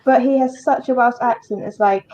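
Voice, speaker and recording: A woman's voice: a little high, normal speed, dark tone, muffled recording. A woman with a West Country English accent chatting casually on a livestream, laughing often. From England. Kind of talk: casual chat.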